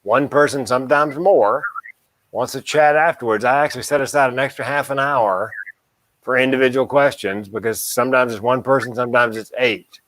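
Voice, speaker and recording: A man co-hosting a casual podcast, talking with dark, self-deprecating humor and chuckling at his own jokes. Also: mid-range voice, fairly quick, a little hiss or hum. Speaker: podcast co-host and mental health speaker.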